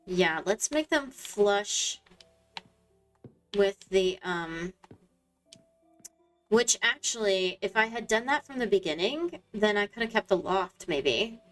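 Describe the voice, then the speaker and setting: A woman's voice: mid-range voice, expressive, takes it slowly, long pauses, faint music behind. A woman streamer giving casual gameplay commentary, musing aloud to herself in a hesitant way. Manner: muses aloud, hesitant and self-talking.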